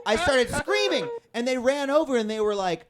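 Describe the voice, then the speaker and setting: A man performing a stand-up comedy set on a club stage, telling a story with sudden shouted outbursts. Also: very high-pitched, sing-song, normal speed, noisy background. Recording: live audience in a club.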